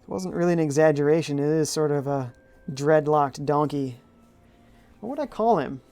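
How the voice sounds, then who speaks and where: A gravelly-voiced game streamer talks through play in a loose, chatty way, reading viewer messages aloud and answering them. Thoughts come out half-formed, with hums while weighing choices. Soft music sits faintly in the background. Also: medium pitch, normal speed. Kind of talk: live-stream gameplay commentary, reading chat aloud.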